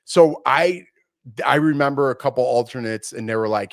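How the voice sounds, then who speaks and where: Guy in his 40s cohosting a chat show, lively storyteller, dry close sound. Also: medium pitch, a little fast, no echo. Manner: animated storyteller, acts out quoted voices. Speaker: podcast co-host. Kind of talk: casual chat.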